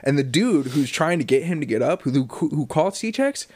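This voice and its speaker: A podcast co-host with a fairly high, breathy-edged voice talks a little fast. Telling a story in casual chat, he animatedly acts out what people said and laughs often.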